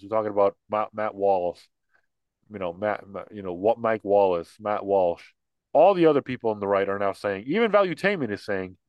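A man's voice: fairly low pitch, no echo, lo-fi sound. A young man co-hosting a casual political podcast, blunt and rambling. He trips over his words, doubles back and fills gaps with ums. The recording is dry and close, with little room sound. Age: young adult. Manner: blunt, rambling, lots of restarts and fillers. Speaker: podcast co-host.

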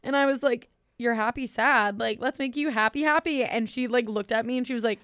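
A young woman co-hosts a casual podcast chat, telling teasing stories and dropping swear words with ease. Her voice sits on the high side for a woman. The recording is dry and close. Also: fairly quick, fairly bright tone, dry recording. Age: young adult. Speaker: podcast co-host.

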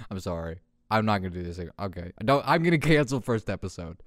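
A man's voice: lowish voice, big pitch swings, moderate pace, no room sound, studio quality. A young man hosting his own podcast, rambling in casual profane talk and laughing at his own jokes. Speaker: podcast host. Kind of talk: casual solo podcast rant.

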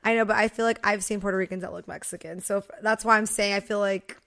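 A woman's voice: mid-range voice, fairly even intonation, fast, vocal fry, fairly bright tone. A young woman co-hosting a podcast, chatting casually and rambling with lots of "like" fillers. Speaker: podcast co-host.

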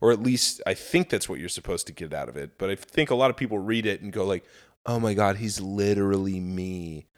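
A man co-hosting a podcast, talking casually with lots of swearing and animated storytelling. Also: lowish voice, fast, few pauses. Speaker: podcast co-host. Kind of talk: casual chat.

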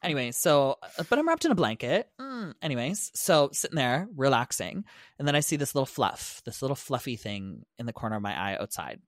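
A young man spins a casual, animated story on a podcast, dropping swear words and putting on little voices for the people in his tale. His pitch sits in the middle range, and the recording is dry and close. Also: brisk, no echo. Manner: animated, swearing, acts out quotes. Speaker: podcast co-host.

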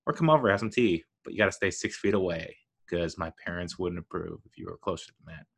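A young man hosting a solo podcast, talking in an excitable, rambling way with lots of fillers and restarts. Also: low-pitched, fast talker, gravelly, husky. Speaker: podcast host.

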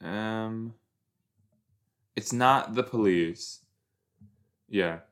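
A young man chats his way through an episode at an unhurried pace. He rambles, questions himself and laughs at his own reactions, in a relaxed, self-mocking way. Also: lowish voice. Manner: chatty, self-deprecating, rambling with fillers. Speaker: podcast host. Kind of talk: casual watch-along commentary.

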